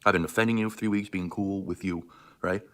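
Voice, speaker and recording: A man's voice: sits low, fairly even intonation, fast, fairly bright tone. A man in his thirties ranting on a livestream, furious and profane, hurling insults. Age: 30s. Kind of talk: angry livestream rant.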